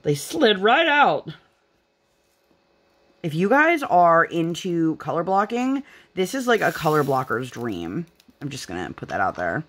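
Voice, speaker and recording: A woman's voice: low voice, sing-song, normal speed, a bit bright. Young woman host, chatty and rambling, casual crafting chat at home. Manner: chatty and rambling, many "like" fillers.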